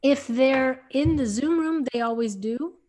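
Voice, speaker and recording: A woman's voice: high voice, measured pace, dark tone. A woman hosting an online webinar in casual chat, chatty and easygoing, trailing off as she fiddles with posts. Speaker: webinar host.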